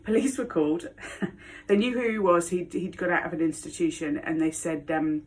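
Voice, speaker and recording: A woman's voice: low voice, moderate pace. A woman telling a personal story to camera, frank and blunt, often laughing as she speaks. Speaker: vlogger.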